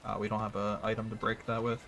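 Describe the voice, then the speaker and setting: Chatty male gamer with a gravelly voice. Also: on the low side, completely flat delivery, fast talker, fairly bright tone, faint music behind. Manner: chatty, enthusiastic, self-mocking. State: hiccups with wheezing. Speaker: streamer. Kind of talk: casual gameplay commentary.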